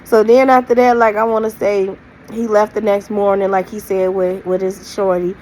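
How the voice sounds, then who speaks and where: A woman's voice: medium pitch, little pitch movement, normal speed, a little mellow, slight background noise, low-quality recording. A woman telling a rambling storytime to her viewers in a loose, slangy, casual way, talking straight to the camera audience. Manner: rambling, loose slang-filled retelling with many "like"s; addresses viewers directly. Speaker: storytime vlogger.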